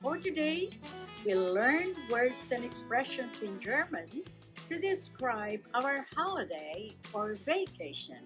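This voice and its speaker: A woman's voice: fairly high pitch, big pitch swings, music in the background. A woman hosting a radio German lesson, repeating words and phrases for listeners. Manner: slow, drawn-out drill with repeated phrases. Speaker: German language segment host.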